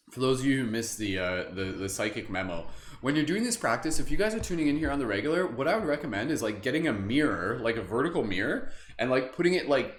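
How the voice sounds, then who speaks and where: A man with a medium-pitched, fairly bright voice hosts a live meditation stream over a little hiss or hum. He guides viewers' breathing and chats with them casually, full of fillers and frequent chuckles. His webcam setup picks up roomy echo and faint ambience.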